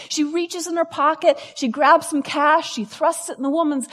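A woman, a lively storyteller who acts out the people she quotes, telling a personal story to an audience. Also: high voice, normal speed, hardly any pauses, big-room sound. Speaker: speaker. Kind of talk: storytelling talk.

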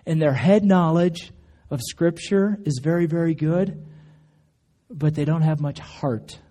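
A male pastor gives a relaxed, conversational sermon in a church, his voice mellow and a little higher than most men's. He tells stories casually and slips into raised, animated voices for the quotes. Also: measured pace. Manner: conversational storytelling, acts out quotes with raised pitch. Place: church sanctuary.

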